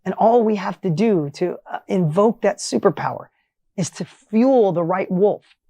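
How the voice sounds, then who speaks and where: A middle-aged man telling a motivational story with energy and emphasis, his voice rising when excited. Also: high voice, moderate pace, vocal fry, no room sound. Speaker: motivational speaker.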